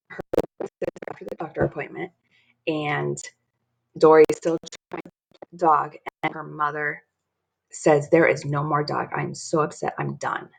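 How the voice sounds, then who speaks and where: A woman's voice: sits low, gravelly. A woman reading a children's chapter book aloud to her class, recapping the story and voicing its characters with expression. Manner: expressive, lively character voices.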